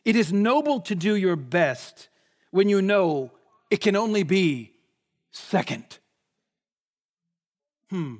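A man's voice: high-pitched, big pitch swings, slow pace, long pauses. A man preaching a sermon in a conversational way, often asking the listeners questions. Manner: conversational, asks the congregation questions.

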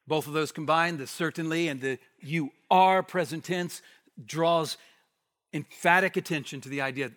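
Animated man preaching in a reverberant hall. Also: a little high, moderate pace. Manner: animated, acts out the bystanders' challenge. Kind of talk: expository sermon.

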